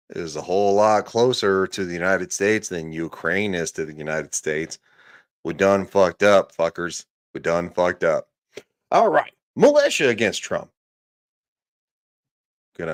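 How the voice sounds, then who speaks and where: Slow-talking, profane male streamer. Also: low voice. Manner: profane, sarcastic, laughing asides. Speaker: streamer reacting to a podcast clip. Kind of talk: casual live commentary.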